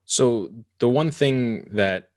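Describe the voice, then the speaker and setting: A man hosting a podcast, asking a question in a halting way as he searches for words. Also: medium pitch, a little mellow. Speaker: podcast host. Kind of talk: casual interview questions.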